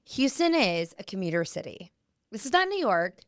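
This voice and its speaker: A woman co-hosting a podcast, trading quick teasing banter in casual chat. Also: mid-range voice, very animated, no room sound, clean studio sound. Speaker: podcast co-host. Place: Houston area.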